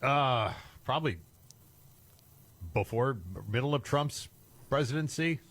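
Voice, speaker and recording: Man, middle-pitched, dry close mic; third chair on a talk show, quick dry agreement. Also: a bit bright, no room sound. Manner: brief, agreeing replies with dry remarks. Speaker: podcast co-host. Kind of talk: casual news talk show banter.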